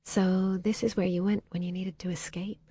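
A woman voicing a young adult small-town woman who talks in a gentle, teasing, often quiet way. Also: medium pitch, animated, a little slow, pitched above the performer's own voice. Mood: soft. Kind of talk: audiobook character voice.

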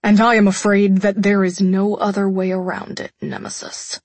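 A woman voicing a cold, proud young man in an audiobook, speaking low and hushed. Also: little pitch movement, moderate pace, dry recording, natural voice. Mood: cold commanding. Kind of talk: audiobook character voice.

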